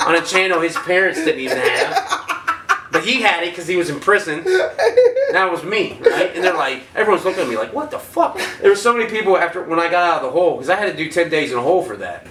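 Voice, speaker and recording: A man, a former prisoner and podcast guest, telling stories casually, swearing often and loudly acting out the voices he quotes. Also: fairly high pitch, animated, fast talker, noisy background. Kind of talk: casual storytelling. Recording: roomy, distant mic, faint ambience.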